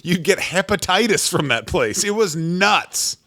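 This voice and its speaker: A man co-hosting a comedy podcast, tossing off profane jokes in loose, quick banter. His voice sits a little high for a man. The sound is dry and close, with no room around it. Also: animated, a bit bright, no room sound. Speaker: podcast co-host. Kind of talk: casual comedic chat.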